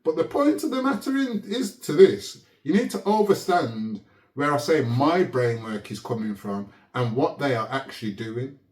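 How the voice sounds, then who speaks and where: A man telling a story in a casual, animated way, laughing often and checking in with "yeah?". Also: mid-range voice, normal speed. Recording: roomy echo.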